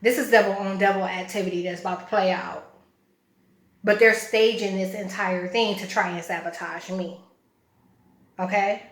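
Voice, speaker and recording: A woman's voice: medium pitch, steady tone, normal speed, pauses often. A woman vlogging a story in a blunt, profane, agitated way. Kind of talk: casual storytelling. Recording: echoey room.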